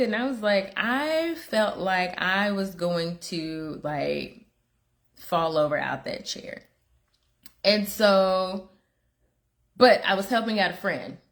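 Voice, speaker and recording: A woman in her thirties tells her faith story in an unscripted testimony. Her voice sits at an ordinary middle pitch. She rambles warmly through fillers and acted-out inner dialogue, laughing at herself along the way. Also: lively intonation, slow pace. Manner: candid, conversational, self-deprecating, laughs often. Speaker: guest speaker telling her faith story. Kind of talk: personal testimony.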